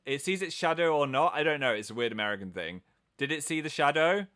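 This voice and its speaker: A man's voice: fairly high pitch, big pitch swings, moderate pace, long pauses, a bit bright. A man hosting a casual live stream from home, chatting playfully and reading out viewers' comments. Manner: playful, self-mocking, reads out viewer comments.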